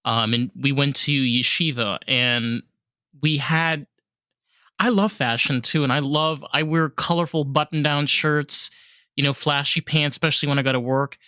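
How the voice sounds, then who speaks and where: Earnest podcast host, dry close sound. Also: male voice, on the high side, steady tone, pushed and bright, dry recording. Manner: earnest, reflective, quick asides. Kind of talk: casual interview chat.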